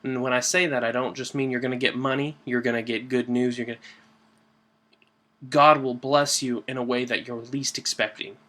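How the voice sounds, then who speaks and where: Man, church devotional host; bright, forward tone, earnest and conversational, leans on key words. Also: mid-range voice, flat delivery, moderate pace. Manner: earnest, conversational with fillers and restarts. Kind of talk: informal devotional talk.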